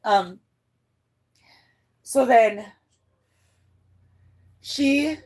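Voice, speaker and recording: A woman livestreaming to her chat tells a personal story, rambling bluntly, swearing freely, and often restarting sentences. Her husky, somewhat mellow voice moves extremely slowly, and it climbs high when she gets emotional.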